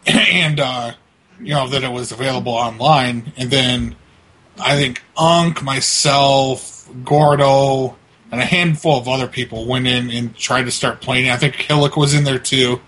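A podcast host of a prank-call show tells stories casually on a computer mic, laughing and cursing a lot. His medium-pitched voice is fairly bright with fairly even intonation, a little slow, and there's slight background noise.

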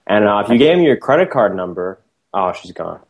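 Low-voiced male co-host, playful banter and deadpan pranks. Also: fairly quick, gravelly, slightly rough. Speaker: prank call show host.

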